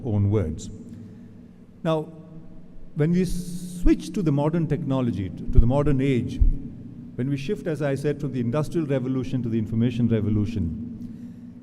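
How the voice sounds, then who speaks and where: A man giving an academic lecture to literature students, talking in a digressive way with many fillers and restarts. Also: mid-range voice. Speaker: guest lecturer. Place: lecture hall. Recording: reverberant hall, audible background noise.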